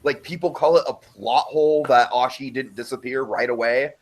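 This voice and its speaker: Male host, recap chat, emphatic opinions, mid pitch. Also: moderate pace. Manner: opinionated, emphatic, apologetic asides. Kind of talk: casual recap discussion.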